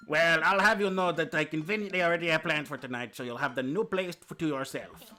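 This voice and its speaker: A man's voice: a little high, brisk, few pauses, sharp tone, soft background music. A man streaming a dating sim, reading the story aloud with playful, jokey asides.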